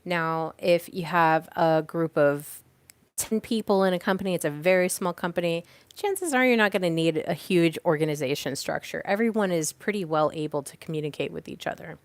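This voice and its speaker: A woman's voice: fairly low pitch, moderate pace, no room sound. A woman hosting a podcast, teaching about teamwork in a chatty, casual way with restarts and examples, speaking from home by a fireplace on a call. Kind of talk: casual teaching talk to a live audience.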